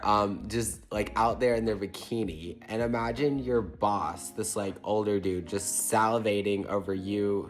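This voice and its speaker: A man from Tennessee telling a storytime vlog in a chatty, animated way, with lots of "like". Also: on the low side. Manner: chatty, animated, heavy use of "like". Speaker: vlogger. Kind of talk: casual storytime chat. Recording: roomy echo with faint music.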